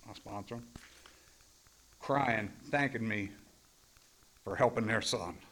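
A man's voice: fairly low pitch, slow pace, a bit bright. A middle-aged man sharing his recovery story at a support meeting, blunt and profane, rambling with restarts. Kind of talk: personal recovery share.

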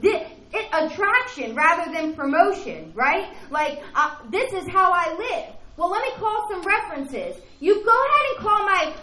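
A woman's voice: very high-pitched, big pitch swings, normal speed, hardly any pauses, bright, forceful tone, reverberant, rough recording. A woman speaking at a recovery meeting and telling her personal story in a rambling, earnest way. She keeps checking in with the room by asking "right?".

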